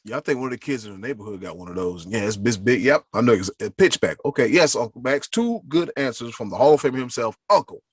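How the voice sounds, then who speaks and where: A man's voice: medium pitch, expressive, fast talker, hardly any pauses, husky, no room sound. A man hosting a casual sports podcast, playfully reading listener answers aloud with emphasis.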